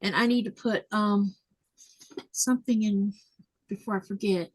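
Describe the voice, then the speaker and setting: A woman's voice: medium pitch, steady tone, a little slow. A woman hosting a casual sewing livestream, chatting and laughing often as she reads viewer comments aloud. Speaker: livestream host.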